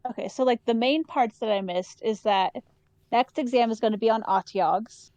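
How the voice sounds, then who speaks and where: Woman player, dry close sound, curious and quick to laugh. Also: fairly high pitch, a little mellow, dry recording. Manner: asks lots of questions, laughs easily. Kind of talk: casual tabletop game chat.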